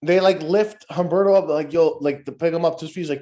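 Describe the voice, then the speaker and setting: A man's voice: fairly high pitch, brisk, few pauses. A man co-hosting a podcast, casually reviewing wrestling and ranting with a lot of swearing. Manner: profane, rambling, animated ranting. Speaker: podcast co-host.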